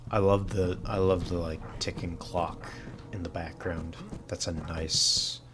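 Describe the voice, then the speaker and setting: Brief: low-voiced guy, casual gameplay commentary, meandering, faint noise behind. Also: fairly even intonation, unhurried. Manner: rambling, full of fillers and restarts. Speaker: gaming channel host.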